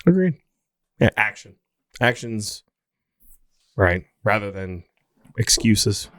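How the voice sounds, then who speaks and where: A man's voice: on the low side, big pitch swings, takes it slowly, fairly bright tone, dry recording. A man hosting a podcast, talking casually in an opinionated, joking way with restarts. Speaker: podcast host. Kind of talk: casual chat.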